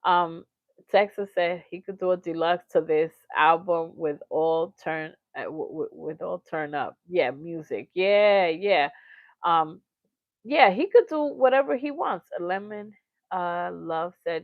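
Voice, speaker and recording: Woman reaction streamer, chatty and animated, laughs a lot, dull lo-fi sound with a dry room. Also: lowish voice, measured pace, dry recording. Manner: chatty and animated, laughs often, acts out quotes. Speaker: livestream reaction host. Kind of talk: casual livestream chat, reading viewer comments.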